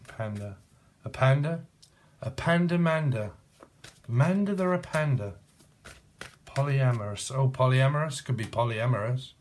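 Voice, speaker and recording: A man's voice: mid-range voice, slight background noise. Rambling, punning man. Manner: free-associating, punning, swearing often. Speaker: tarot reader. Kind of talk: casual rambling tarot reading.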